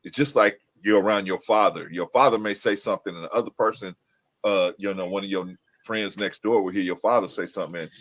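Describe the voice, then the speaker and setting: A man speaking as a panelist in a casual debate, halting and searching for his words. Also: deep voice, a bit bright.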